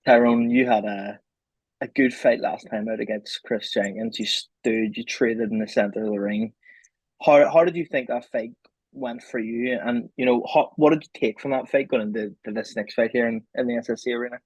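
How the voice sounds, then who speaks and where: A man's voice: medium pitch, normal speed, a little mellow, slightly rough, no room sound, poor audio. A man interviewing a boxer, friendly, asking questions that stumble a little at the start.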